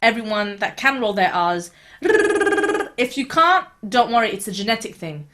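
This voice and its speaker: A woman gives a casual beatboxing tutorial for an online video. She talks in an easygoing way with a few fillers. Her tone stays steady and encouraging as she reassures learners. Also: fairly high pitch, a little slow, heavy background noise. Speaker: beatboxing teacher.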